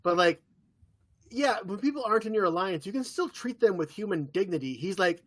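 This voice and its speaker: A man co-hosting a podcast in casual chat, relaxed and agreeable, often backing up his partner. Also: sits high, brisk. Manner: relaxed, agreeable, with frequent short yeahs. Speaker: podcast co-host.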